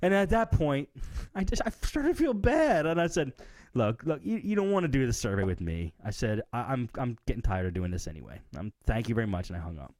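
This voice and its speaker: A man's voice: medium pitch, sing-song, a little fast, few pauses, darkish tone, dry recording, studio quality. A man co-hosting a casual late-night tech podcast, telling a story and acting out both sides of a phone call. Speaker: podcast co-host.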